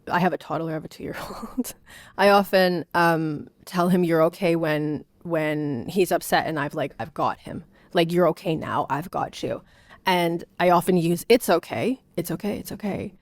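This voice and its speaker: Chatty woman with a lowish, dry voice. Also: no room sound. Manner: chatty, many fillers like "like" and "you know"; acts out quoted parents with raised pitch. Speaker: podcast host and parenting coach. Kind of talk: casual teaching monologue.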